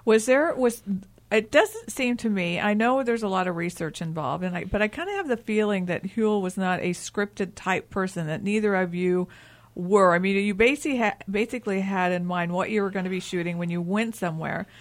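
A woman's voice: medium pitch, brisk. A woman hosting a talk show and interviewing a guest, chatty, with many restarts. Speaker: radio talk show host.

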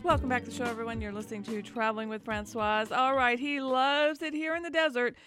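A woman's voice: on the high side, steady tone, fast talker, fairly bright tone, faint music behind. A woman hosting a radio talk show, chatty and upbeat. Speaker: radio host.

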